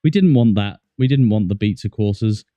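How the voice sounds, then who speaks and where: A man's voice: lowish voice, animated, normal speed, over music. A man chatting casually to his viewers while he plays a game on a livestream, jokey and talking to himself. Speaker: streamer. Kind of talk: casual gaming livestream chat.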